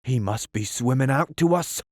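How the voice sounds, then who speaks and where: A man's voice: medium pitch, lively intonation, normal speed, a little mellow, no echo, voice pushed up, close to an everyday voice. A man voicing a timid, nervous pirate crewman. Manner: nervous, anxious.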